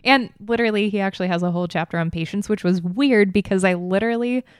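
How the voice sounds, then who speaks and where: A woman co-hosting a casual podcast, playful and excitable, quick to giggle. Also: medium pitch, smooth, no room sound, studio quality. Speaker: podcast co-host.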